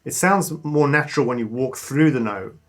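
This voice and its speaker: A man giving a casual guitar lesson, relaxed and enthusiastic, pausing to play between phrases. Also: mid-range voice. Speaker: guitar teacher. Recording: clean guitar loud behind. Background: guitar playing.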